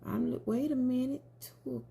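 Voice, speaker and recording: This tarot reader's voice is high, gravelly and mellow, and she takes her time. Chatty and casual, she talks right to her viewers during the reading, calling them y'all.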